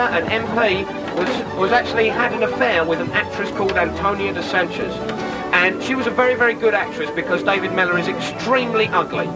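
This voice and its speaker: Sardonic british comedian, high-pitched voice, loud music going behind him. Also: male voice, poor audio. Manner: sardonic, jokey, puts on shouted voices for bits. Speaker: comedian and tour guide. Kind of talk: stand-up comedy with mock guided tour.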